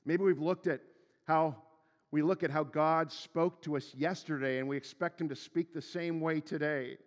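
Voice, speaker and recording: A man's voice: fairly high pitch, long reverb tail. A middle-aged man preaching a sermon as pastor, chatty and full of rhetorical questions to the congregation, laughing now and then. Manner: conversational, asks the audience rhetorical questions, laughs often.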